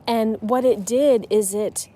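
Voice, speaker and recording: Mellow-voiced chatty woman podcaster. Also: fairly high pitch, fairly even intonation, slow. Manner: chatty and emotional, with frequent restarts. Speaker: podcast host on writing. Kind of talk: casual solo podcast talk.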